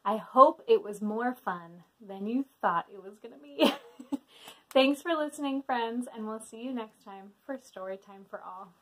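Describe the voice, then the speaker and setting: A woman's voice: on the high side, animated, unhurried. A woman reading a book aloud to children at a library storytime, playful and full of mock protest as she goes.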